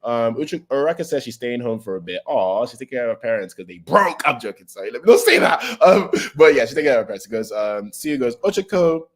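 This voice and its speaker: A man's voice: medium pitch, animated, fast talker, hardly any pauses. A young man chatting casually on a livestream as he reacts to a manga, greeting viewers by name and swearing loosely.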